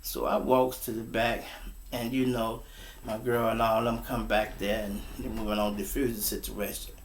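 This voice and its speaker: A man hosting his own show, telling a wild personal story in a casual, animated and profane way and acting out the other people's voices. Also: on the low side, moderate pace, a little hiss or hum.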